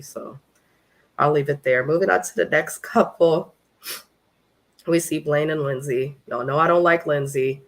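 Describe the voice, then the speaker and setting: Woman, from California, reality TV recap host, casual live commentary, blunt, swears a lot, strongly opinionated. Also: sits low.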